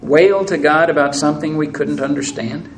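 A man's voice: fairly high pitch, fairly quick, poor audio. Earnest man preaching a sermon. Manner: earnest, reads scripture aloud with rising intensity.

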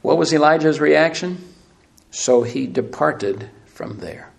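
A man preaching a sermon, asking emphatic rhetorical questions and swinging between loud and hushed delivery. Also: fairly high pitch, slow, creaky. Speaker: pastor.

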